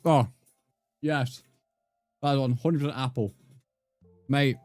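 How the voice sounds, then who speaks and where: A man's voice: mid-range voice, fairly even intonation, slow pace, darkish tone, no echo, soft background music. A man, chatting casually with viewers while he plays a game on a livestream and calling them mate. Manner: laid-back, chatty, calls viewers mate. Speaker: game streamer.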